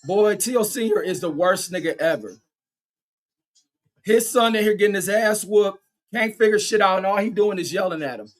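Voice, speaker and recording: High-voiced man calling a fight excitedly. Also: moderate pace. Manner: excitable, profane, cheering on one fighter; reads viewer chat aloud. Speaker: livestream boxing commentator. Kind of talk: fan play-by-play commentary.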